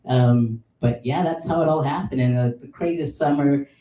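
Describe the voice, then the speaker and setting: Podcast man, thirties, rambling storyteller with a mellow tone, mic a bit far off in an echoey room. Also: medium pitch, normal speed. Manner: animated, filler-heavy with many likes and ums. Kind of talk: casual storytelling. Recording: roomy sound, mic at a distance.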